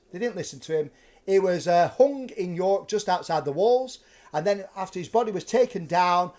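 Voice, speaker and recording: A man hosting a live stream from his flat, telling a ghost story in a chatty, animated way. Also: sits high. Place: flat at home.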